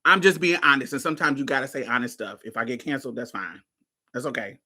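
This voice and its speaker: A woman's voice: a bass voice, fast, bright, forceful tone, slightly rough. A woman hosting a casual talk show, telling a story to her listeners in a blunt, profane way and laughing often. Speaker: host.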